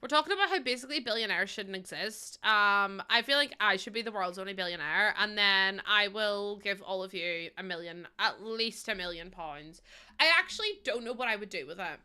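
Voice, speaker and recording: Bright Northern Irish woman streamer. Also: medium pitch, lively intonation, fairly quick, smooth. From Northern Ireland. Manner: chatty, unfiltered, laughs often, sudden loud squeals. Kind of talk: casual livestream chat. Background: soft background music.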